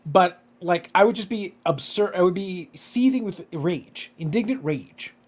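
A man's voice: sits high, animated, unhurried, breathy edge. A man co-hosting a casual podcast chat, ranting with profanity and disbelief. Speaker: podcast co-host.

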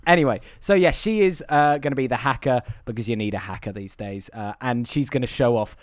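A man's voice: mid-range voice, a little fast, no echo. A man hosting a casual movie review chat, wry and sarcastic, often laughing mid-sentence. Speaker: podcast host.

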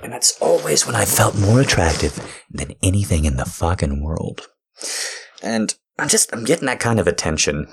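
Deep-voiced man, rambling chat to fans, profane self-mocking humor, pitch swinging widely. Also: big pitch swings, normal speed, creaky, a little hiss or hum. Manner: profane self-deprecating joking. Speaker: streamer talking to fans. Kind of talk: casual monologue.

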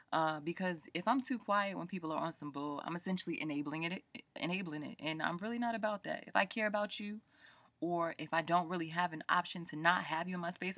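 A woman speaking tells a story in a casual, animated rant, and she acts out the people in it. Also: low-pitched, no echo. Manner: animated, colloquial, quoting people in voices. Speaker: book vlogger.

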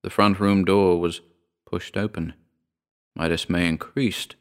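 A man reading a horror short story aloud in a measured, grave storytelling manner. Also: low-pitched, fairly even intonation, smooth. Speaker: narrator. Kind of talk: scripted horror narration.

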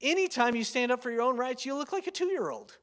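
Preacher in his thirties, high voice, casual storytelling sermon, long hall reverb. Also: lively intonation, brisk, a bit bright. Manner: chatty, storytelling, lots of filler words and tag questions.

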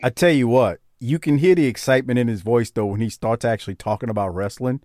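A man, co-hosting a casual chat, excitable and prone to stammering repeats. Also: fast talker, no echo, clean studio sound. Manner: excitable, repeats himself, slips into a high mocking voice when quoting. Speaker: podcast co-host.

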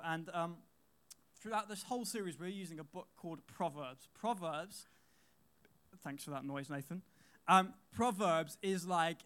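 A man's voice: high voice, a bit bright. A young man, giving a casual youth sermon in a chatty storytelling manner with fillers and repeated phrases. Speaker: youth speaker.

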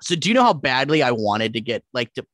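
A man telling animated, profanity-laced stories as a podcast guest in casual chat. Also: mid-range voice, fast, dry recording, clean studio sound. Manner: profane, animated, acts out quotes.

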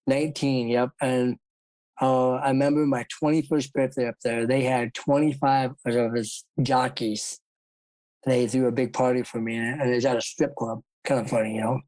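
A man's voice: mid-range voice, little pitch movement, moderate pace, a little mellow, no room sound, poor audio. A man from South Dakota, a former jockey, telling his story as an interview guest in a rambling way with frequent laughs. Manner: rambling, laughs often, acts out quoted voices.

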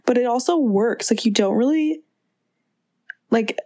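A woman's voice: fairly high pitch, unhurried, mellow, no echo, studio quality. Rambling young woman co-host. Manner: rambling, agreeable, trails off mid-sentence. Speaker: podcast co-host. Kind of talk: casual movie chat.

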